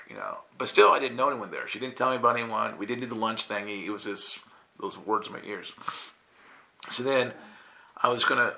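A man's voice: mid-range voice, vocal fry, bright, forceful tone, rough recording. A man telling a casual personal testimony as a guest minister, chatty and self-interrupting, often checking in with "right?".

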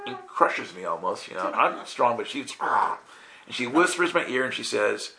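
A man's voice: medium pitch, big pitch swings, moderate pace, vocal fry, pushed and bright, rough recording. A man telling a casual personal testimony as a guest minister, chatty and self-interrupting, often checking in with "right?".

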